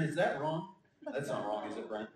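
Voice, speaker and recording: A man's voice: mid-range voice, lively intonation, a little slow, slight background noise. A male pastor giving a conversational sermon with joking asides and frequent fillers. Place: church sanctuary. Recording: echoey church hall, mic at a distance.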